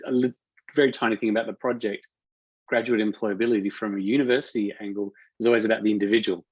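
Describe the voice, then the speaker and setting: A man's voice: on the low side, steady tone, fast talker, a little mellow, husky, dry recording. A man taking part in an online workshop, answering thoughtfully over a video call. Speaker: workshop participant. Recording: dull lo-fi call audio.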